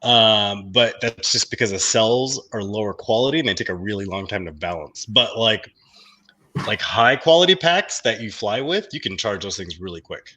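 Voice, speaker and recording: A man's voice: fairly low pitch, expressive, normal speed, bright, forceful tone. A man co-hosting a casual livestream, brash and teasing, swearing freely. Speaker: co-host.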